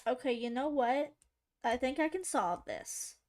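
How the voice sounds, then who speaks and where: A woman's voice: high voice, expressive, measured pace, darkish tone. A woman streamer chatting casually to her viewers while drawing, rambling, giggly and poking fun at herself. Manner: rambling, giggly, self-mocking, talking to chat.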